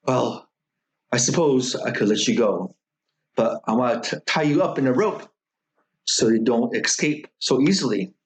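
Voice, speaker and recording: A man's voice: mid-range voice, lively intonation, moderate pace, lightly acted. A man voicing a sly old female mountain witch who eats people, talking with sugary coaxing that hides menace. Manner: sweet coaxing that turns menacing.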